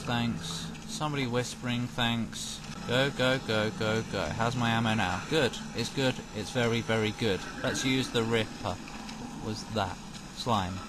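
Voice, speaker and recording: A man's voice: mid-range voice, noisy background. A British man giving casual let's-play commentary, joking, rambling and letting out sudden startled yelps. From Britain. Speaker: game commentator. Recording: loud game audio over the voice.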